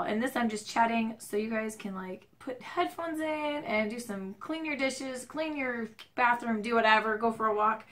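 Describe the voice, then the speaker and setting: Midwestern woman, gravelly creaky voice, stuffed-up strained voice, rambling casual vlog chat at home. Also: fairly high pitch, bright, forceful tone. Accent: Midwestern American. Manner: rambling, self-deprecating, chatty. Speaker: vlogger. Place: home at night, dim lighting. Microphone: camera mic, handheld shaky camera.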